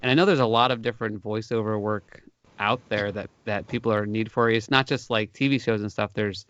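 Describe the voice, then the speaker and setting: A man co-hosting a podcast, asking questions in a relaxed, rambling way. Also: on the low side, fairly quick, dry recording. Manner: relaxed, rambling, many fillers. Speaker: podcast co-host. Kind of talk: casual podcast interview. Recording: dry, muffled sound.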